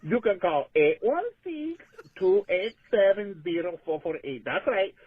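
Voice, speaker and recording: A man hamming it up as a sultry, flirty delivery guy calls in on a thin, tinny phone line. His voice sits high and swings wildly up and down. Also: expressive, measured pace, breathy edge, dry recording, exaggerated voice. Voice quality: over-the-top sultry, playful. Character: flirty male delivery man with put-on Spanish flair.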